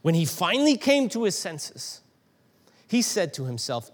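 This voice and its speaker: A middle-aged man preaching a sermon, telling a story with animated emphasis that climbs to emphatic peaks. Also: high voice, a little slow. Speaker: pastor.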